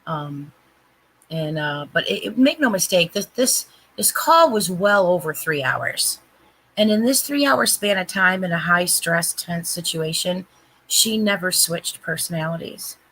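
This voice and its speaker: A woman telling a story in casual chat, animated and emphatic, acting out the dialogue as she quotes it. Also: fairly low pitch, unhurried, breathy edge, poor audio.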